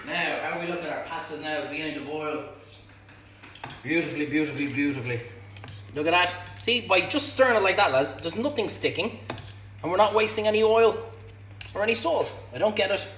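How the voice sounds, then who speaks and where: Male cook-along host, cheeky and blunt, a little high, recorded in a ringing kitchen. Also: a bit bright. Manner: chatty, blunt, banters with viewers. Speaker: cooking show host. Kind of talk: live cook-along demonstration. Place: home kitchen. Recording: echoey kitchen, faint hum.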